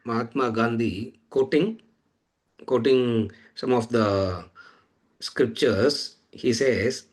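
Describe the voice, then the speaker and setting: Male teacher, mid-pitched, measured lecture style, chants verses slowly. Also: husky. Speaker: Vedanta teacher. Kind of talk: scripture lecture.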